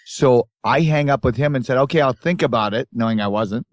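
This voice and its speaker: A man's voice: mid-range voice, a little fast, dry recording. A man co-hosting a podcast, telling a long rambling road story in casual chat and acting out the people in it. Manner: rambling anecdotes with acted-out quotes. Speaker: podcast co-host. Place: tour bus.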